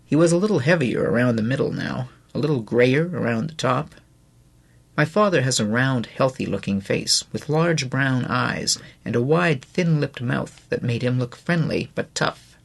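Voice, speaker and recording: A male audiobook narrator tells the story in an expressive, measured way. His voice has a gravelly texture and a husky edge. His pitch moves freely and animatedly through the phrases.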